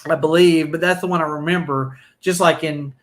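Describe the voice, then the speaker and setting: A man's voice: fairly high pitch, steady tone, fairly quick. A man co-hosting a casual podcast chat, rambling with frequent restarts and digressions. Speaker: podcast co-host.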